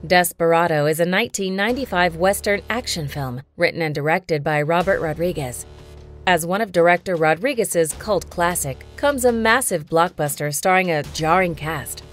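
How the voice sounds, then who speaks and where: A woman reading a scripted narration for a ranked list of films, with an even, measured delivery. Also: lowish voice. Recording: soft music behind.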